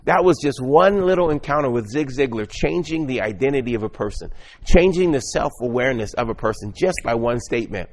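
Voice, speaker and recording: A man's voice: mid-range voice, animated, brisk, darkish tone. Earnest man giving a motivational sermon. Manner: earnest, exhorting, stumbles and repeats words. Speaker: motivational Christian speaker.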